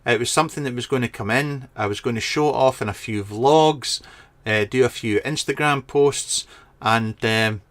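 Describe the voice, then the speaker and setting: A man from Scotland talks at a moderate pace in a medium-pitched, fairly bright voice. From his garden shed he hosts a casual live chat vlog about vaping products, reading viewer comments into a webcam and joking around amid frequent ums and restarts.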